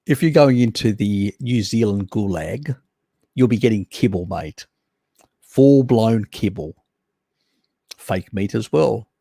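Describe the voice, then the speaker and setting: A man's voice: mid-range voice, a little mellow, no echo. A man hosting a casual live stream, chatting with viewers, reading their comments aloud and calling them mate. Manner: chatty, laughs often, addresses viewers as mate.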